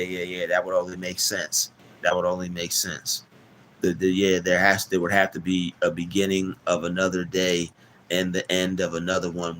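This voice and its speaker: A man hosting a casual live stream, rambling, repeating words and giving shout-outs to chat. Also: low voice, a little hiss or hum.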